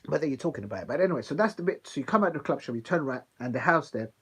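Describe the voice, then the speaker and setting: A man hosting a football watch-along stream, chatting in a rambling, animated way with plenty of ums. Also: a little high, racing, slightly rough. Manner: chatty, digressive, animated storytelling with filler ums. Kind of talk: casual rambling chat.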